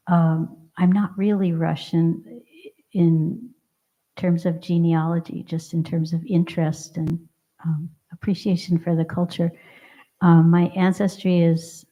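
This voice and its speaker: A woman introducing herself to a group in a hesitant way, with many pauses and fillers. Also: on the low side, mellow, rough recording. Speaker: group participant. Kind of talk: casual self-introduction.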